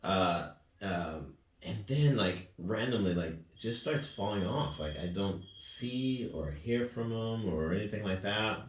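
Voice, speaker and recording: Telling a lengthy story in a casual interview, this man, who coaches youth weightlifting, speaks in a fairly low, expressive voice at a measured pace. Earnest and rambling, he keeps finishing phrases with "right?" or "man." A distant mic in an echoey gym picks him up along with faint noise.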